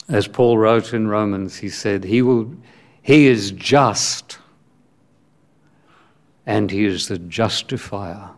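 A man delivers a sermon in a fairly low voice at an unhurried, deliberate pace. He speaks in short, emphatic phrases with long pauses between them. He reads scripture aloud as part of the preaching. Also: gravelly.

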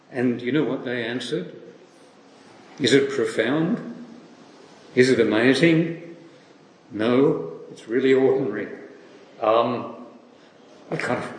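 A man delivers a sermon at an unhurried, deliberate pace, pausing on rhetorical questions. His voice carries a long, roomy echo from a large hall. A faint ambience sits behind him. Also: medium pitch, a little hiss or hum. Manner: slow, reflective, with rhetorical questions. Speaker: preacher.

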